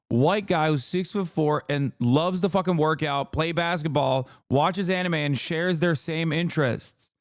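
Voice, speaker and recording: Male streamer, angry and swearing, higher voice, dry close sound. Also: no room sound. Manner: heated, profane, ranting. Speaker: streamer reacting to a clip. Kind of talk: live-stream commentary.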